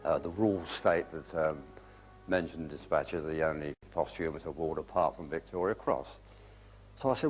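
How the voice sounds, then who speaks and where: A man's voice: extremely low pitch, moderate pace, soft background music, poor audio. An older English man, a war veteran, recalling his experiences in a plain, understated way with hesitations. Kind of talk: spoken recollection.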